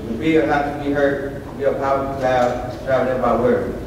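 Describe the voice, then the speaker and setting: A man's voice: mid-range voice, steady tone, brisk. A teenage boy reciting a spoken word poem at a slam in an earnest, declamatory way. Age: teens. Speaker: student slam poet. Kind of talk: spoken word poetry performance. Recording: echoey hall from far off with noise.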